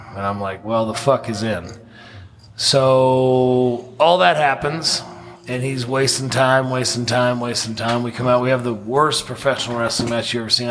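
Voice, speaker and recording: A man's voice: medium pitch, a bit bright. A man telling a long story in casual podcast chat, blunt and profane, laughing at his own bad luck. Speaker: podcast guest.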